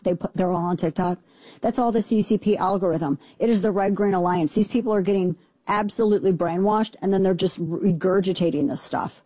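A middle-aged woman hosting a talk radio show, ranting in a fast, sarcastic, indignant way. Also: on the low side, warm tone, breathy edge, dry recording. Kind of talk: opinionated talk radio monologue. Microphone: studio microphone.

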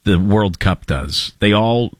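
Radio co-host, man, very low voice, blunt, emphatic, dry mic. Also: expressive, slow, no room sound. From New Bedford area. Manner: blunt, emphatic, filler-heavy. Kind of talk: casual talk radio chat.

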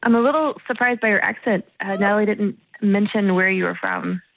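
A woman's voice: mid-range voice, a little fast, creaky, dry recording. A woman on a phone call, polite but confused and exasperated. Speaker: prank call target.

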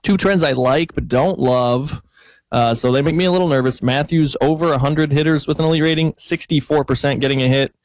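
A man's voice: a little high, brisk, no echo. A man giving a baseball betting pick packed with statistics. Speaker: betting analyst. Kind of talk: stats-heavy betting pick.

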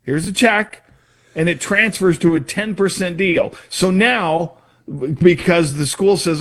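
A man talks through sports business on a casual show, circling back and restarting as he explains. His voice sits a bit high for a man. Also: slow, a bit bright. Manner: rambling, restarts and explains with examples. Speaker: sports talk host.

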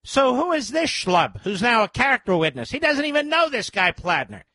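A man's voice: very high voice, sing-song, moderate pace, sharp tone. A man hosting a talk radio show, ranting sarcastically and firing off mocking, incredulous questions.

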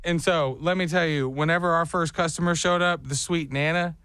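A man telling a comic story in casual chat, acting out the voices in it with lively energy. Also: fairly high pitch, fairly quick, no echo, studio quality. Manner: animated, acts out the voices in his stories. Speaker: storyteller co-host.

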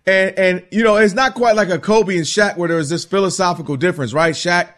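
Animated high-voiced man on sports talk. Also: a little fast. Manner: animated, acts out players' voices in quotes.

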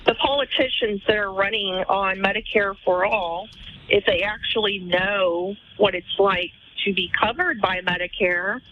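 A woman's voice: medium pitch, measured pace, a little hiss or hum. A woman on the phone to a radio show, heard through a dull, muffled line. She speaks earnestly and at length, with a few ums along the way. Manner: earnest, explains at length with fillers. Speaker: caller. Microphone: telephone.

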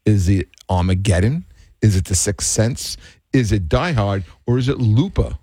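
A man's voice: on the low side, expressive, moderate pace, dark tone, slightly rough, no room sound, studio quality. A man cohosting a radio show, reading a movie trivia question.

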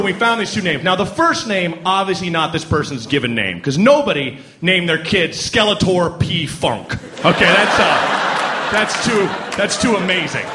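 A man telling a stand-up story in an excitable way, breaking into loud exclamations. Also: sits high. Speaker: stand-up comedian. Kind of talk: stand-up comedy. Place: comedy club stage. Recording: noisy live stage recording.

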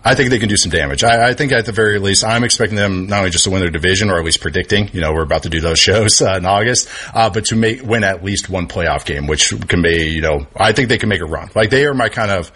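Husky low-voiced man breaking down football. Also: fast talker, few pauses, pushed and bright. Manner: enthusiastic, analytical, thinks aloud. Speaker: football analyst guest. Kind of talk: casual sports talk.

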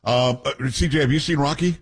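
A man's voice: mid-range voice, a little fast, husky. A man hosting a talk radio show, reading news aloud with blunt opinions and joking asides to his co-hosts.

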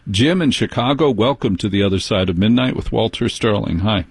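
A man hosting a late-night radio call-in show, talking in a smooth, persuasive, conspiratorial way into a studio microphone. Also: fairly low pitch, fairly quick, dry recording.

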